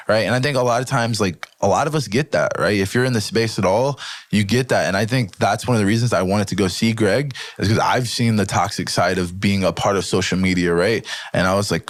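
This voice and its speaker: A man in casual podcast talk, telling his story with animated energy and swearing freely. His voice sits a little low and sounds close and dry, with no room around it. He keeps slipping into livelier voices to act out what people said. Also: brisk, no room sound. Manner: acts out quoted speech in a livelier voice. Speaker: podcast guest, jiu-jitsu athlete.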